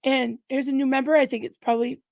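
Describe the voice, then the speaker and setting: A woman's voice: sits high, level tone, gravelly, heavy background noise. A woman from Massachusetts co-hosting a livestream in a bubbly, laughing, casual chat. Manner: bubbly, laughing, quick asides. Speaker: co-host of a livestream.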